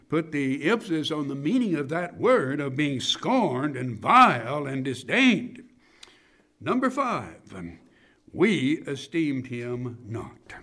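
Male preacher, measured sermon delivery, unhurried, numbered points stressed. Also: on the high side, a bit bright. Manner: slow, deliberate preaching with emphatic rises on numbered points.

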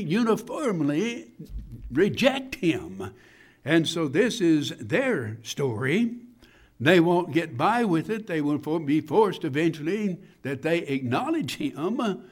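A man preaching a sermon, walking through numbered points with deliberate emphasis and emphatic rises. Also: fairly high pitch.

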